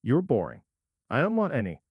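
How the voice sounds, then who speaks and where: Bossy, sneering male star read by a male narrator, husky and slightly raised in pitch. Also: huge pitch swings, a little fast, dry recording, phone-quality sound, full character voice. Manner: sneering, commanding. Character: arrogant male movie star, mocking and bossy.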